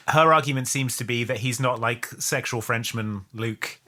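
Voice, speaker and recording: A man's voice: mid-range voice, normal speed, few pauses, pushed and bright. A man co-hosting a comedic film recap podcast, telling the plot in a dry, wry way. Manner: dry, wry storytelling with silly quoted voices. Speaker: podcast co-host.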